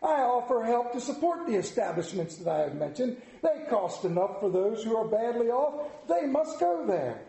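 A man's voice: very high-pitched, big pitch swings, moderate pace, vocal fry, few pauses, warm tone, pitched above the performer's own voice, full character voice. A man voicing a stingy, grumpy old miser who gives curt, scornful refusals. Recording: echoey room.

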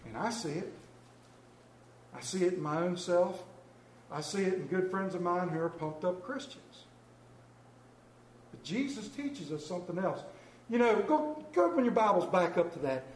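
A man's voice: sits high, expressive, moderate pace, long pauses, a little hiss or hum. A man preaching a sermon as pastor, telling folksy stories and joking about himself. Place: church. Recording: echoey church room.

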